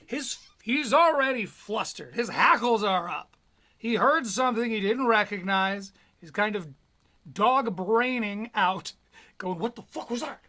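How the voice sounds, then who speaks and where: A man's voice: high-pitched, lively intonation, a little slow, bright, forceful tone. A man giving sarcastic, profane running commentary over clips as a streamer.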